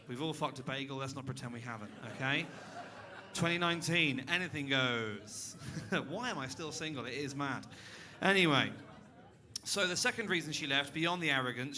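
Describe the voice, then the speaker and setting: A young man doing a stand-up comedy set on a club stage, sarcastic and deadpan, bursting into loud rants at a man in the crowd. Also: on the high side. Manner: sarcastic, deadpan then suddenly loud and ranting at an audience member.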